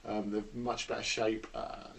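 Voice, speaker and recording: Flat-toned man giving football opinions. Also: on the low side, measured pace, creaky. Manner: stammering start, then fluent analysis. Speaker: football pundit guest. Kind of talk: radio studio discussion.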